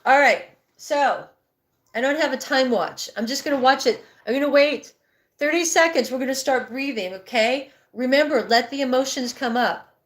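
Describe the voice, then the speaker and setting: A woman's voice: high-pitched, moderate pace. A woman in her fifties coaching breathwork on a live stream, candid and rambling, often correcting herself mid-sentence. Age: 50s.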